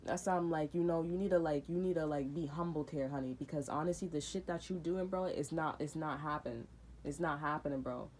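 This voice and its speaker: A woman's voice: sits low, brisk, a little mellow, slight background noise. A young woman reading tarot, talking in a heated, emphatic way, repeating herself and swearing often. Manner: emphatic, repetitive, swears a lot. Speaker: tarot reader. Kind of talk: casual, heated monologue.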